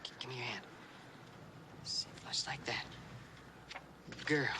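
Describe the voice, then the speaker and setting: A man playing a patient young cowboy who teaches sign language to a deaf girl, speaking slowly and coaxing her along. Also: medium pitch, expressive, background noise, close to an everyday voice. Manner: slow, coaxing, repeating words gently.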